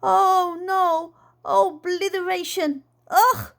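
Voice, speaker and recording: Woman doing bossy aunt, blunt, scolding, high, loud, storybook reading. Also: unhurried. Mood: appalled. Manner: scolding, dramatic exclamations.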